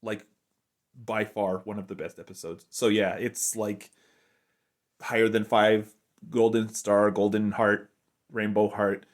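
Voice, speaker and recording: A male show reviewer gives an unscripted, casual review, rambling along and saying "like" constantly. His lowish voice is flat and slow, with frequent pauses.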